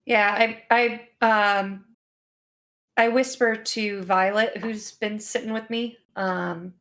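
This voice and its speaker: Gravelly-voiced woman playing a tabletop game. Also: mid-range voice, fairly even intonation, slow pace, fairly bright tone. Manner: chatty, thinking aloud. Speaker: player.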